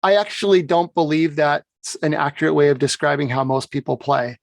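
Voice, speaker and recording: A man's voice: on the high side, fairly even intonation, a little fast, vocal fry, no echo. A man teaching bagpipe playing in an explanatory conversation, often checking in with "right?". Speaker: bagpipe instructor. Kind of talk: instructional conversation.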